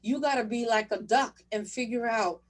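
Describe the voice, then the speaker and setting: At a moderate pace and with a fairly high voice, a woman far from the mic encourages new chief residents during a virtual conference session. Her motivational talk is direct, and she keeps referring to the audience as "you guys."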